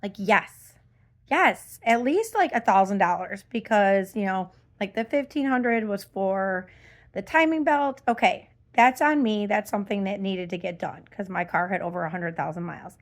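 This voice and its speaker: A woman's voice: medium pitch, normal speed. A middle-aged woman ranting in a casual vlog, exasperated and rambling with lots of fillers. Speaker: vlogger.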